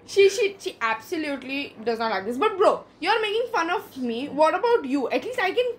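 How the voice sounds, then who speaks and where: A woman's voice: high voice, sing-song, fairly quick, slight background noise. A young woman from India co-hosting a podcast, teasing her friends and laughing as she talks. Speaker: podcast co-host. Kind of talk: casual chat.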